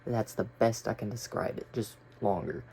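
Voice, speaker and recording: A man's voice: fairly low pitch, moderate pace, gravelly, warm tone, slight background noise. A young man telling a story casually, rambling and swearing with lots of fillers. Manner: rambling, profane, filler-heavy.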